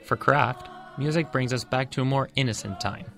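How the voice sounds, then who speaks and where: A male radio reporter reading a scripted community news piece in a measured, even delivery. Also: medium pitch, creaky, soft background music.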